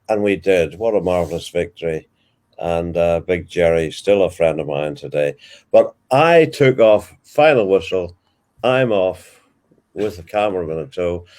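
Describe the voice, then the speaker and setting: Deep-voiced older Northern Irish man. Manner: animated, vivid storyteller. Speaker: interviewee, veteran sports commentator. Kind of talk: anecdotal storytelling.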